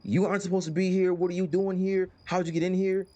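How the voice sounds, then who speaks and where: An old woman asks in a hurried, alarmed voice, as a man puts her on. It sits somewhat higher and rushes along. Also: flat delivery, dark tone, muffled recording, natural voice. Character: startled old woman resident breaking character.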